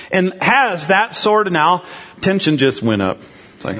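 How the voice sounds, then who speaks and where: Husky preacher in a reverberant hall. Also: male voice, high-pitched, lively intonation, normal speed, fairly bright tone. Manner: conversational, asks the crowd questions. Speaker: pastor. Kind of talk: sermon.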